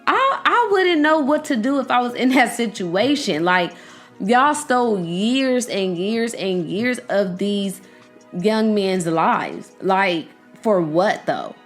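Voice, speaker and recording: A young woman hosting a podcast, giving animated, outspoken commentary straight to her listeners. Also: medium pitch, slow, soft background music. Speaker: podcast host. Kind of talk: casual commentary to her audience.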